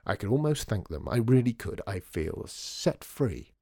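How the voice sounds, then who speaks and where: A man's voice: fairly low pitch, big pitch swings, a little slow, darkish tone, slightly rough, no room sound, studio quality, exaggerated voice. A man playing Artie, wry showy ex-boss. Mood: buoyant.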